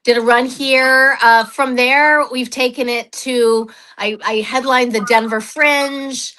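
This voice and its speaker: A woman's voice: high voice, steady tone, slow pace, pushed and bright, low-quality recording. A woman from New Mexico talking casually in an interview about her solo stage show, chatty and self-deprecating, with frequent fillers. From New Mexico, USA.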